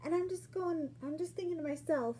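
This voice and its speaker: A woman telling a personal story in a casual vlog, acting out what people said with sudden jumps in pitch and loudness. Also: a little fast, a little hiss or hum. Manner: animated, acts out quoted lines with sudden jumps in pitch and loudness.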